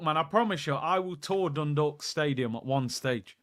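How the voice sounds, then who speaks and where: A young man hosts a live football watchalong. His voice sits fairly high, and he chats excitably, jumping between the match and viewer questions. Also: moderate pace. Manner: chatty and excitable, reacting to play and reading out viewer questions.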